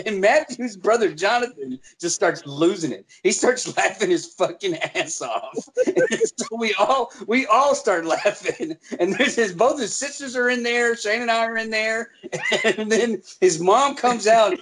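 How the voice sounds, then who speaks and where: Lively high-voiced man telling stories. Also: measured pace, crowd noise. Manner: rambling profane storytelling, animated voices in quotes. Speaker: storyteller among friends. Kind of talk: casual chat.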